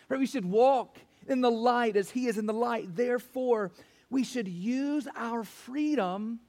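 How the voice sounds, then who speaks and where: A male pastor preaching a sermon to his church, emphatic, repeating key phrases and rising to near-shouts on his main points. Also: very high voice, vocal fry.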